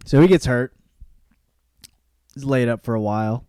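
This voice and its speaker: A man's voice: mid-range voice, moderate pace, long pauses, warm tone, clean tone, dry recording, clean studio sound. A young man hosting a podcast, giving a casual book review, swearing freely and acting out the characters' lines. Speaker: podcast host.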